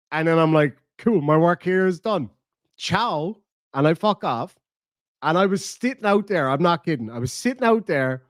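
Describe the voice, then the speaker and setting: A man's voice: on the high side, no room sound, clean studio sound. Profane Irish man on a live stream. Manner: profane, mocking, jokey banter. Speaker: live-stream host reacting to clips. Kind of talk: casual live-stream commentary.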